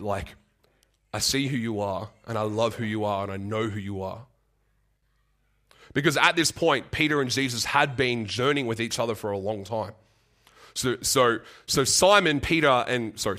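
A young man preaching a sermon and telling a personal story, earnest and halting, often repeating words and getting choked up. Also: mid-range voice, a bit bright. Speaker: guest preacher.

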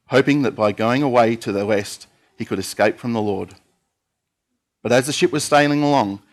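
A man preaching a sermon, reading scripture aloud in a steady voice with an occasional filler. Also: lowish voice.

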